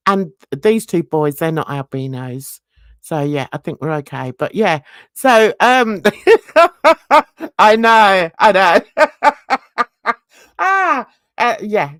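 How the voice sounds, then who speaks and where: A woman's voice: medium pitch, no echo, studio quality. Chatty woman livestreaming. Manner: chatty rambling storyteller, laughs often. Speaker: YouTube channel host. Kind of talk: casual livestream chat.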